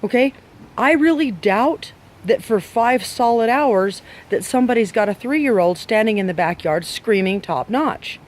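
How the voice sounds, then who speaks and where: A man's voice: high-pitched, animated, a little slow. A man giving dog owners blunt training advice, emphatic and scolding, with many rhetorical questions.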